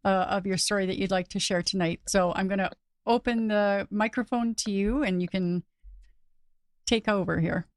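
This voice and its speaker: A woman's voice: mid-range voice, steady tone, normal speed, no room sound, clean studio sound. A woman hosting a live recovery show over a video call, chatty and loose, often breaking into giggles. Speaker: podcast host.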